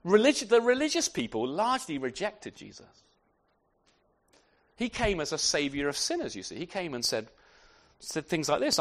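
A man preaching a sermon to his congregation, animated and often repeating words as he restarts his sentences. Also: fairly high pitch, moderate pace, pauses often. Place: church.

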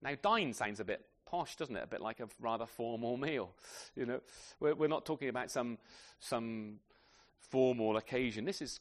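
A man preaching a sermon to a congregation with children, asking tag questions and swinging from loud emphasis to soft, quiet phrases. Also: mid-range voice, moderate pace. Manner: animated, asks tag questions often.

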